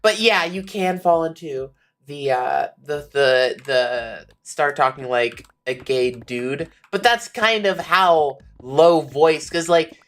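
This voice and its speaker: Woman, streamer, very low voice, raspy, rambling casual chat. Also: takes it slowly, fairly bright tone. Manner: chatty, rambling, many fillers.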